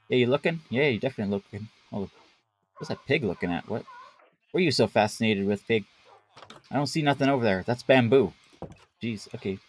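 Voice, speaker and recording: A man's voice: fairly low pitch, a little hiss or hum. A man streaming a game live, chatting casually, talking to the animals and using playful broken grammar. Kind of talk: live gameplay commentary.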